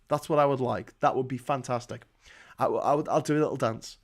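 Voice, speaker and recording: A man ranting angrily and sarcastically about politics on his livestream, swearing often, his voice a little hoarse. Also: mid-range voice, fairly even intonation, fairly quick. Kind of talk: angry political rant.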